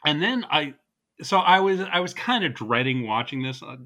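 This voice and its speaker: A man co-hosting a casual movie review podcast, talking in a relaxed, rambling way. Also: on the high side, normal speed. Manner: relaxed, rambling, laughs easily. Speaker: podcast co-host.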